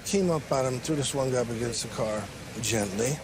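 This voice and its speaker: A man on a reality show clip who talks in a low mumble with a put-on drawl. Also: moderate pace, background noise. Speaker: reserve lawman on a reality show.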